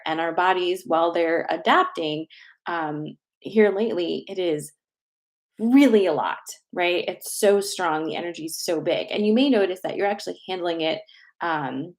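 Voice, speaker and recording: A woman in her thirties, host of a casual spiritual livestream, giving chatty, reassuring card messages with the odd swear word. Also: lowish voice.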